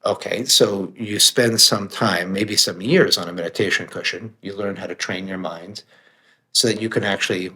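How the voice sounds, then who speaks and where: A man's voice: low-pitched, moderate pace, sharp tone. A man speaking as a podcast guest, earnest and reflective, swearing now and then for emphasis. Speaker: author and meditation teacher, guest. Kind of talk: candid podcast conversation.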